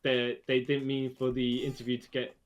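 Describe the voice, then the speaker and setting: A man talking casually on a podcast about a film, his voice sitting at an ordinary middle pitch. He chats loosely, doubling up words and breaking into quick laughs as he goes. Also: completely flat delivery. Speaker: podcast co-host.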